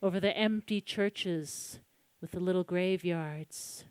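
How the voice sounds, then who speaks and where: A Colombian woman telling a spooky folk tale aloud, hushed and dramatic, with suspenseful pauses. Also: lowish voice, clear, resonant tone, no echo. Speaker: storyteller. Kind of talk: live oral storytelling.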